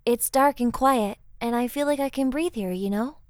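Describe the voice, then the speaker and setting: A woman doing a soft-spoken young goddess. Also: fairly high pitch, moderate pace, no echo, clean studio sound, natural voice. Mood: wistful. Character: gentle young goddess who loves quiet.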